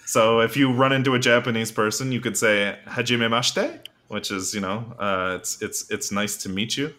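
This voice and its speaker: A man with a bright, forceful voice co-hosts a loose, casual podcast. He rambles and fills his talk with "uh" and "um" while he explains language basics. His pitch sits in an ordinary middle range. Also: normal speed. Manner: rambling, filler-heavy, explains Japanese basics. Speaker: podcast co-host.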